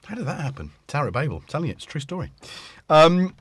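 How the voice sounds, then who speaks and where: Fast and very animated, this middle-aged British livestream host rambles into his studio microphone, often cutting himself off as he chats with viewers. His voice is fairly high and fairly bright, with a breathy edge.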